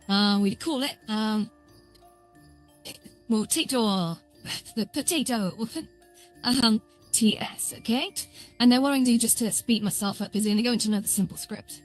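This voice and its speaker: A woman chats casually on a live stream as she builds something, her voice sitting at an ordinary middle pitch. She rambles with frequent ums and pokes fun at herself, and faint music plays quietly behind her. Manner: rambling and self-deprecating, lots of filler words. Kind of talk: casual live-stream commentary while coding.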